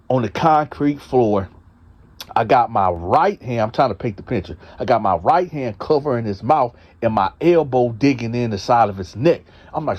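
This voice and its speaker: A man recounts a story in a loose, conversational way, talking straight to his listeners as y'all. He is blunt and emphatic and swears freely, in a mid-pitched voice. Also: expressive, moderate pace, a little mellow, muffled recording. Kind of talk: casual storytelling to an audience.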